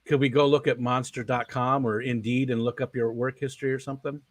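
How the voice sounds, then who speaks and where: A man's voice: medium pitch, flat delivery, fast, no echo. A man hosting a casual interview stream, rambling and chuckling as he talks. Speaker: stream host.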